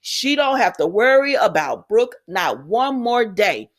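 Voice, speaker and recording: A woman's voice: on the high side, very animated, a little slow. A woman recapping a soap opera in casual chat, sassy and talking back to the characters.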